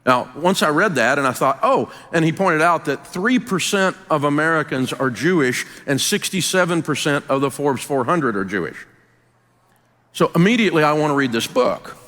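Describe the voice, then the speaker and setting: A man's voice: fairly high pitch, a bit bright, in a large hall. A man with a Southern US accent hosting a radio show, telling stories in a folksy, emphatic, motivational way. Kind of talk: motivational talk-show monologue.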